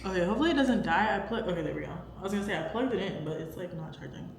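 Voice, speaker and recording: A woman's voice: medium pitch, lively intonation, racing. A young woman hosting a casual faith talk to camera, chatty and emphatic, with lots of fillers. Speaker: podcast host. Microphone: camera microphone. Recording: echoey room, faint background hum.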